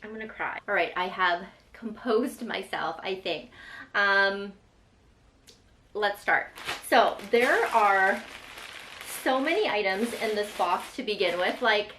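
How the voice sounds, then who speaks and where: A young woman vlogger chatting excitedly through an unboxing, emotional and full of fillers. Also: medium pitch, takes it slowly, a little hiss or hum. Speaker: lifestyle vlogger. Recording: echoey room with faint ambience.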